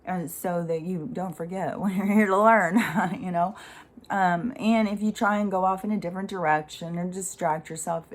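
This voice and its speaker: Middle-aged woman with a lower voice and a loose, rambling delivery for a casual spiritual monologue. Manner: rambling and conversational, many fillers, casual swearing. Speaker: spiritual speaker.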